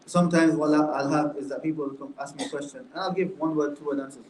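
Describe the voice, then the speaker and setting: A man's voice: fairly high pitch, fairly even intonation, fast, a little mellow, a little hiss or hum. A man giving a conversational classroom lecture on a book as an Islamic studies teacher, asking his class many rhetorical questions. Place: indoor classroom. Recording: roomy echo, faint room ambience.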